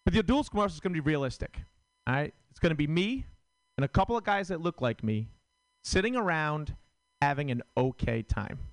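A man's voice: on the high side, animated, brisk, dry recording. A man doing a stand-up set, rambling and self-deprecating, with lots of fillers. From Rhode Island. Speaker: stand-up comedian. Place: comedy club stage.

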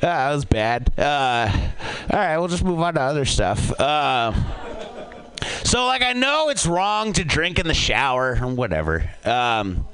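Man, stand-up comedian, high voice, wildly swooping pitch, club stage. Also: a little slow, low-quality recording. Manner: animated, swooping delivery with sudden high-pitched jumps.

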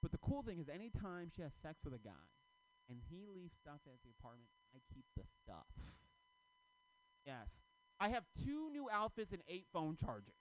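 A man in his thirties doing a stand-up comedy set, telling stories with loud, acted-out quotes. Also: high-pitched, brisk, a little hiss or hum, low-quality recording. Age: 30s. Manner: loud, animated storytelling with shouted acted-out quotes.

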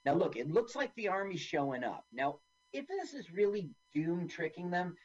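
Animated husky-voiced man riffing. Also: high voice, highs cut off. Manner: animated, jokey, does quick silly voices. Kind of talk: casual movie commentary chat.

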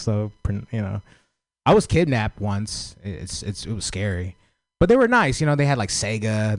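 A man's voice: fairly low pitch, creaky, a little mellow, dry recording. Guy doing open mic standup, swears a lot, pokes fun at himself, dry close sound. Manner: loose, profane, self-deprecating. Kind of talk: stand-up set and workshop feedback.

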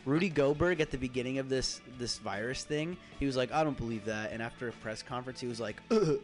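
A man's voice: medium pitch, quick pace, faint music behind. A man co-hosting a casual talk show, telling rambling stories in crude slang. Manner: loose storytelling, slangy and crude. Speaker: podcast co-host. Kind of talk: casual chat.

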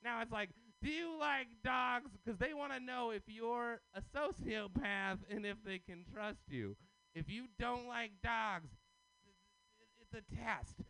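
A man performing stand-up at an open mic, talking fast and working the crowd. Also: sits high, expressive, pushed and bright, clean tone, low-quality recording. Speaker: stand-up comedian.

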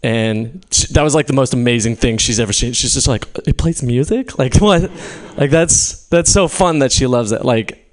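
A man's voice: mid-range voice, normal speed, hardly any pauses. A young man from California doing a stand-up set in a small venue, rambling, swearing often and laughing at his own jokes. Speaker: stand-up comedian. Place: small comedy venue with a live audience.

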